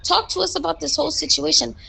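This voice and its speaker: A woman's voice: high voice, fast talker, vocal fry, bright, forceful tone, poor audio. A woman in a roleplay game voice chat, heatedly complaining and confronting a superior. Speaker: roleplay police recruit. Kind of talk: in-character voice chat, arguing.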